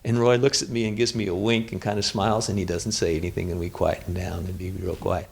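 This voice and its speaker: A man leading a lively spiritual group discussion, telling stories and acting out what others said. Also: low voice, fast, gravelly, a little hiss or hum. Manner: animated storyteller, acts out quotes. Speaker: discussion leader.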